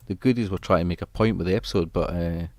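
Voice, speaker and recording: A man with a very low, deep voice, chatting loosely to his stream viewers. His talk wanders from point to point, and he often breaks off and restarts mid-thought. The sound is dry and close, with no room echo. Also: fast, a little mellow. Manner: rambling, meandering, stops and restarts his thoughts. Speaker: music livestreamer. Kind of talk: casual chat to a stream audience.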